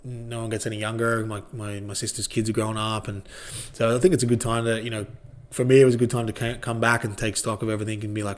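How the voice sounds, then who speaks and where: A man's voice: fairly low pitch, level tone, fast. A man in his thirties with an Australian accent, chatting as a podcast guest in a laid-back, rambling way and swearing freely. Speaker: guest, former rugby league player. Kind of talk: casual podcast chat.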